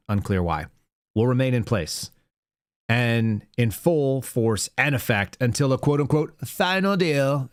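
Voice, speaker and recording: In clean, studio-quality audio with no echo, a male podcast host reads headlines aloud in a medium-pitched voice. He layers wry, sarcastic commentary over them in a live-stream style.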